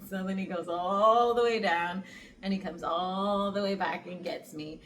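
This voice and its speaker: A woman telling a travel story to camera in a casual, animated way, laughing often and saying "like" a lot. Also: lowish voice, moderate pace, far from the mic, slight background noise. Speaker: spiritual vlogger.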